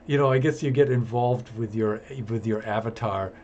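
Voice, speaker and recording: Low-voiced chatty man streaming a game. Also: moderate pace, a little mellow, dull audio. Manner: chatty, self-amused, gives jokey tips. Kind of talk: live gameplay commentary.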